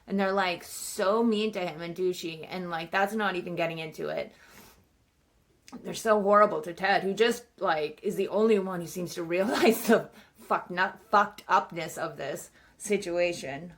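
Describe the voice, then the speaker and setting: Rambling, gravelly-voiced woman vlogger. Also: lowish voice, moderate pace. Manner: rambling, swears freely, says "like" a lot. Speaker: book vlogger. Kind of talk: casual book review chat.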